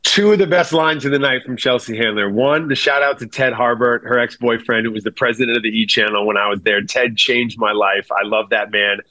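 A man's voice: medium pitch, steady tone, fairly quick, few pauses, pushed and bright, dry recording. Easygoing male podcast guest, dry sound. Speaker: podcast guest, film critic. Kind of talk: casual podcast chat.

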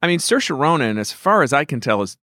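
A man's voice: medium pitch, big pitch swings, fairly quick, sharp tone, dry recording, studio quality. A man co-hosting a casual film-awards chat, thoughtful and wry, hedging with many asides. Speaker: podcast co-host.

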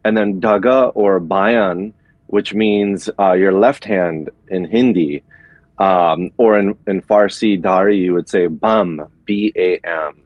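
Male guest, 40s, easygoing and explanatory, lower voice, dry recording. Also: takes it slowly, dry recording, muffled recording. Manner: relaxed, explanatory, with fillers. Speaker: guest musician. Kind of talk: casual interview chat.

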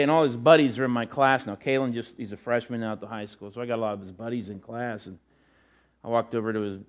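A man's voice: mid-range voice, a bit bright. A middle-aged man preaching a sermon in church as pastor, telling folksy, rambling stories with many fillers and restarts.

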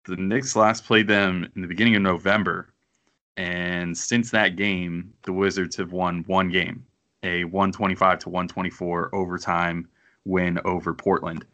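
A man with a fairly low, bright and forceful voice hosts a casual sports podcast. He rambles, thinks out loud and pokes fun at himself. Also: level tone, measured pace, muffled recording. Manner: self-deprecating, rambling, thinks aloud. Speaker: podcast host.

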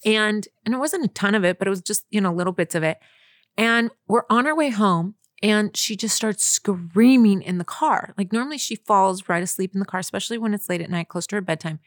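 A young woman co-hosts a casual podcast chat, telling a story in an animated way and acting out her own reactions. Her voice is dry and close, with no room sound around it. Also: medium pitch, fairly quick, no echo. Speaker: podcast co-host.

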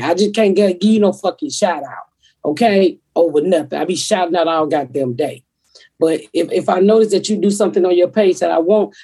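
A woman's voice: lowish voice, dark tone, slightly rough. A woman hosting a podcast, talking in a blunt, profane, rambling way. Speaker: comedian podcast host. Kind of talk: casual podcast chat.

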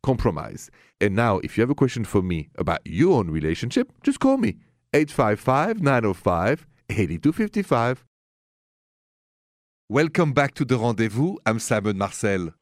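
A man hosting a radio advice show, speaking in an upbeat, emphatic and animated way. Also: medium pitch, moderate pace, no room sound, clean studio sound.

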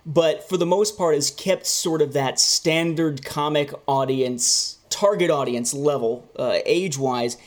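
A man co-hosting a casual comic review chat, animated and quick to mock what he reads. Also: fairly high pitch. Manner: animated, slips into goofy mocking voices. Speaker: podcast co-host reviewing comics.

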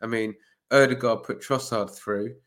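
A man, a football podcast pundit talking in calm, reassuring casual chat, with casual swearing. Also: mid-range voice, measured pace.

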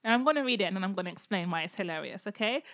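A woman's voice: mid-range voice, racing, no room sound, clean studio sound. A woman, chatting casually as a podcast host and reading Bible verses with lots of laughter. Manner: animated, laughs often, breaks into playful voices. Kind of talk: casual chat reading and joking about Bible passages.

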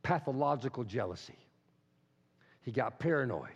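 A man's voice: a little high, expressive, normal speed, a little mellow. A man preaching an impassioned, emphatic sermon as pastor in a church. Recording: echoey hall, dull sound.

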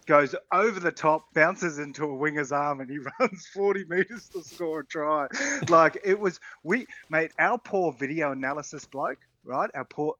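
On this casual sports radio chat, a former rugby player from Australia, middle-aged and co-hosting the show, rambles excitedly and laughs a lot. His voice sits a little high, and the audio has its highs cut off.

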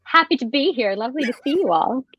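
High, bubbly woman guest. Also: expressive, fast, fairly bright tone, slightly rough, no echo. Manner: giggly, bubbly. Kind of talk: casual chat.

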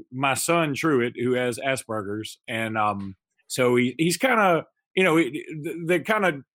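A man co-hosting a podcast, telling a long anecdote in a rambling, animated way, full of restarts and fillers. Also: medium pitch, no room sound. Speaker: podcast co-host. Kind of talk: casual storytelling chat.

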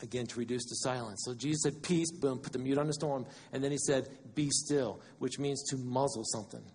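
A man preaching a sermon as pastor, animated and conversational, acting out quotes as he goes. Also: medium pitch, a little fast, slightly rough, long reverb tail.

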